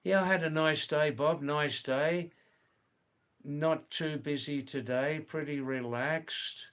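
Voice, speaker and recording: A middle-aged man hosting a livestream, reading viewer comments aloud and slowly, gently correcting their English. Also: a little high, steady tone. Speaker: livestream host.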